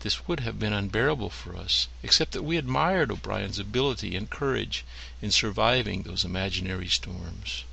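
A man's voice: on the low side, normal speed, creaky, hardly any pauses, bright, forceful tone, husky, rough recording. A man reading short stories aloud, including a hard-boiled noir piece, in a dry storytelling manner. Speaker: story reader.

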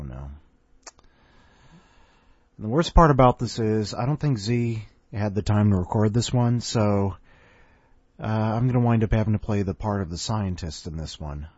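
Wry male podcast host, lowish voice, lo-fi sound with music under. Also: darkish tone, dry recording. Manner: wry, offhand, self-mocking. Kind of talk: casual podcast hosting and narration. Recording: dull lo-fi audio with music.

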